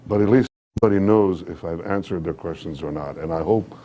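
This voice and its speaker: Low, dark-voiced man. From Israel. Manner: measured, hesitant with many fillers. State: sore throat. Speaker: guest speaker. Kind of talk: public remarks at a think-tank event.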